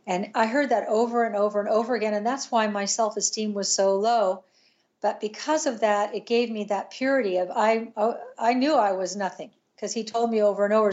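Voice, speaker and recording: An older woman, a podcast guest, tells a painful personal story in an earnest, halting way, with restarts and pauses. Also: mid-range voice, a little mellow, lo-fi sound.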